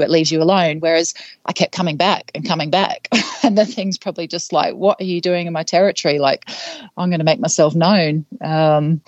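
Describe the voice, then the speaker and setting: A woman's voice: deep voice, no room sound, highs cut off. A woman guest on a podcast, telling a story casually with many fillers and laughs between phrases. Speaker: podcast guest, trail runner.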